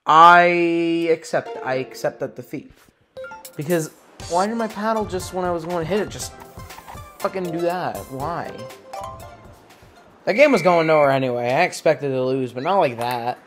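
A gamer giving casual, profanity-heavy commentary while playing, muttering to themself and breaking into loud frustrated outbursts. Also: medium pitch, normal speed, long pauses, music in the background. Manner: swears a lot, mutters to self between loud frustrated outbursts. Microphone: gaming mic.

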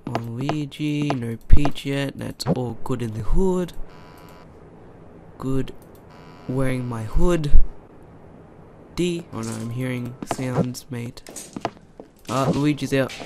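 A young man doing let's play commentary on a horror game, excitable, chatting to the characters and yelling when startled. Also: mid-range voice, slow, pauses often, slight background noise. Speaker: gamer.

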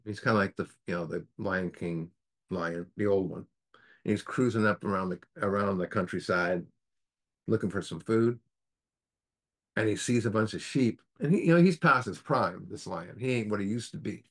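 A man's voice: fairly low pitch, moderate pace, a bit bright. A man leading a recovery group study, teaching earnestly in a preacher-like way and asking the group rhetorical questions.

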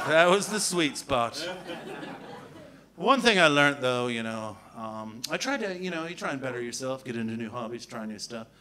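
On a comedy club stage, a Canadian man with a mid-range voice performs a rambling, sweary, self-mocking live stand-up set, recorded on a handheld mic.

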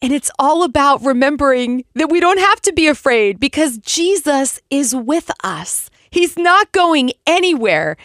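A woman in her forties hosting a devotional Bible podcast, reading scripture and reflecting in a heartfelt, expressive way. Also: sits high, measured pace, few pauses, no room sound, clean studio sound. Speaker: podcast host.

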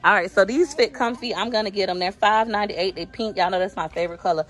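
A woman vlogger films herself shopping in a store for a casual vlog, talking straight to her viewers. She speaks fast in a medium-pitched, slightly bright voice that's chatty and easygoing, picked up on a handheld phone.

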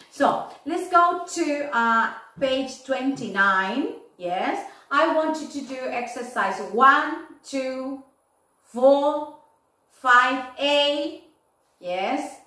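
A woman's voice: high-pitched, fairly bright tone. A woman teaching an English lesson, often checking in with "yes?" and "okay?". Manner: slow, repeats "yes?" and "okay?" to check understanding. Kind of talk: recorded online lesson. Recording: echoey room, voice from far off.

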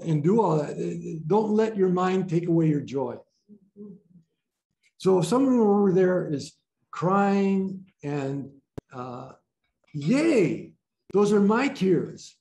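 A man teaching a group about breathwork in a gentle, playful way, often laughing as he talks. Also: high-pitched, expressive, takes it slowly, creaky, long pauses. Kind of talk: informal group teaching talk. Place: training room with a group.

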